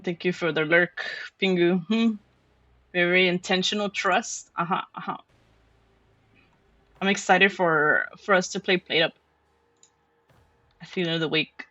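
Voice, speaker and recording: A man's voice: sits high, fairly even intonation, unhurried, long pauses, pushed and bright, no echo, dull audio. A male streamer chatting casually and playfully with viewers on a close microphone. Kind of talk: casual live-stream chat.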